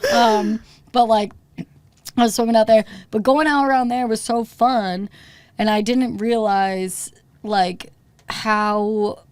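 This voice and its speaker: A woman's voice: on the high side, steady tone, slow, smooth, no echo. A woman hosting a podcast and chatting casually. She sounds tipsy and tells stories animatedly, acting out voices, swearing and laughing often. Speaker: podcast host.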